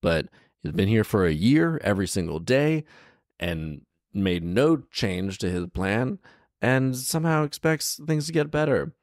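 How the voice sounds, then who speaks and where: Sarcastic low-voiced male storyteller. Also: very animated, unhurried, darkish tone, dry recording, studio quality. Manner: sarcastic, exasperated, incredulous. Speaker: storyteller and podcast host. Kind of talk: comedic fairy-tale reading with commentary.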